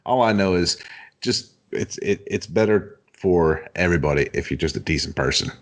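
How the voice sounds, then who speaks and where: A young father co-hosting a podcast, talking in an earnest, measured casual chat. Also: sits low, animated. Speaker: podcast co-host.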